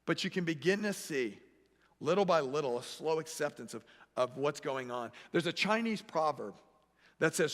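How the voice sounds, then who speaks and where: A man preaching a sermon as pastor, animated and acting out the voices he quotes. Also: on the high side, normal speed. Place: church sanctuary. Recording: echoey church hall.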